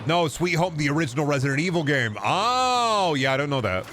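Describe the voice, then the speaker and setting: A man's voice: fairly high pitch, animated, fairly quick, over music. A young man chatting casually and swearing freely while streaming a game. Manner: rambling, joking, swears freely. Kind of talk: casual gameplay commentary.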